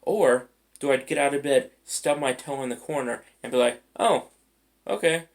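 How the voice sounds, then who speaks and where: A man's voice: medium pitch, fairly even intonation, moderate pace, creaky. A man mentoring listeners in a casual, conversational motivational talk, acting out everyday scenarios as he goes. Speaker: life mentor.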